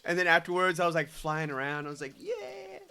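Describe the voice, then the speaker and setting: A man's voice: fairly high pitch, fast talker. A man hosting a podcast, telling stories in casual chat and swearing freely. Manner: swears freely, animated storytelling. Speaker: podcast host.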